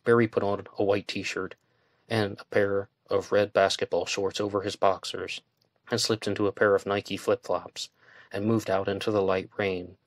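Audiobook narrator: male, low voice, steady delivery, dry close sound. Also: normal speed, dry recording. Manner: steady, plain storytelling. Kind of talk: scripted narration.

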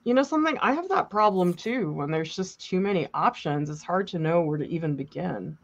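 A woman's voice: lowish voice, expressive, brisk, lo-fi sound. A woman art teacher chatting casually and playfully during an art demo, teasing her co-host.

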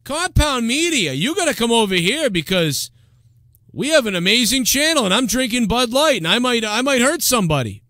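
A man's voice: extremely high pitch, very animated, moderate pace, bright, forceful tone, no echo, clean studio sound, voice pushed up, full character voice. A man doing a mocking impression of a rowdy, cocky, beer-drinking male radio host with crude bragging. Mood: boastful. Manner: brash, rowdy, laughing braggadocio.

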